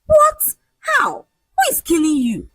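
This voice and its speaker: A woman voicing a heartbroken, outraged young fiancée who pleads and shouts. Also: high voice, wildly swooping pitch, unhurried, no room sound, voice pushed up, heavily acted. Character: heartbroken young Nigerian fiancée, emotional and shrill.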